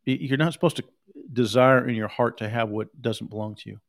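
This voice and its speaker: Guy preaching, mid voice, chatty but forceful, says stuff twice. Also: medium pitch, brisk, gravelly. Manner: emphatic, repetitive, conversational. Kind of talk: sermon.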